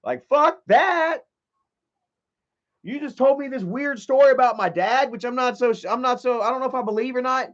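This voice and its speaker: His very high-pitched voice moves at a quick pace with few pauses, heard in dull lo-fi stream audio. The man is livestreaming, spinning a long, rambling, profane personal story and reading chat messages aloud.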